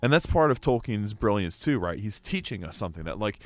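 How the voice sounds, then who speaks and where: A man co-hosting a casual book club chat, earnest and quick to laugh. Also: on the low side, no echo, faint music behind. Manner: earnest, animated, laughs easily. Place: indoor studio with mics.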